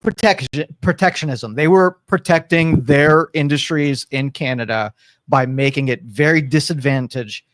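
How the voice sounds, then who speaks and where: A man's voice: on the high side, fairly bright tone, dry recording. A man co-hosting a live local talk show in a studio, speaking briefly and matter-of-factly. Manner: brief, matter-of-fact, quick agreement. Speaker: co-host. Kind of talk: casual talk-show banter. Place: podcast studio.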